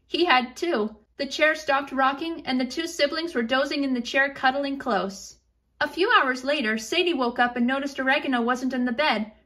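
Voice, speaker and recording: A woman's voice: sits high, pushed and bright. A woman telling a story in a casual, chatty way, breaking off for asides to her listeners.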